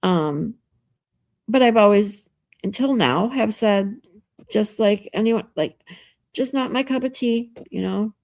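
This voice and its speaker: A woman's voice: mid-range voice, takes it slowly, a little mellow, no room sound, studio quality. A woman live streamer chatting casually with her viewers, reading out and answering their comments and laughing often, from a hotel room.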